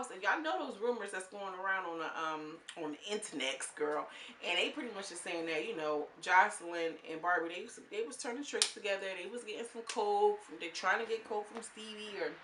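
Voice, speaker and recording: Woman vlogger recapping reality TV gossip, animated and laughing, bright voice, echoey room. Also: medium pitch, fairly quick, slight background noise. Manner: chatty, laughing, animated storytelling. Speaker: show reviewer.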